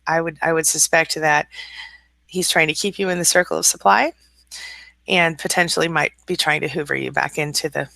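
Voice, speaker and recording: A deep, gravelly, pushed and bright voice with a steady tone and moderate pace belongs to this mother of school-age children. In a dry recording, she hosts a casual live-stream hangout, naming viewers as she greets them, reading their comments, and confessing she's a bit tired this morning.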